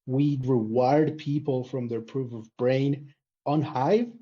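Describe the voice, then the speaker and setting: A man's voice: medium pitch, slow, highs cut off. A man arguing his point with energy in a casual online group discussion. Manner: animated, emphatic, arguing a point. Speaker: community panelist.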